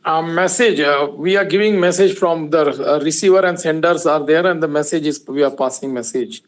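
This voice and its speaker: A man's voice: on the high side, normal speed, low-quality recording. Hesitant man answering on a call. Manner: hesitant, searching for words. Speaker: workshop participant. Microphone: video call.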